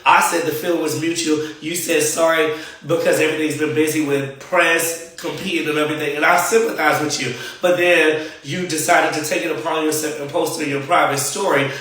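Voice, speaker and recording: A man's voice: a little high, steady tone, a little fast, fairly bright tone. A man speaking firmly and defiantly as he calls someone out directly to camera. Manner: firm, defiant, indignant. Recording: clip played back, far and echoey.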